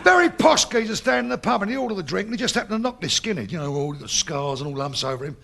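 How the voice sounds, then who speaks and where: A man with a Cockney accent doing bawdy stand-up comedy in a pub, loud and laughing, acting out the characters in his jokes. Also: high voice, expressive, very fast, gravelly, slight background noise. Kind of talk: bawdy stand-up joke telling. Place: pub stage before a crowd.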